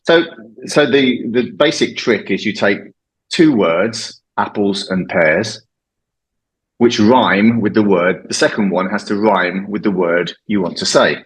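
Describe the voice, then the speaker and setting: A man's voice: fairly low pitch, measured pace, low-quality recording. A middle-aged man from England, an English teacher, chatting casually and explaining slang, laughing often. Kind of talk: casual chat about slang.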